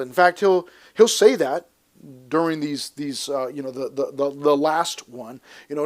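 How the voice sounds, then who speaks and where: Male pastor, high-pitched, animated and emphatic sermon delivery with playful asides. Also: moderate pace. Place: church service before a congregation.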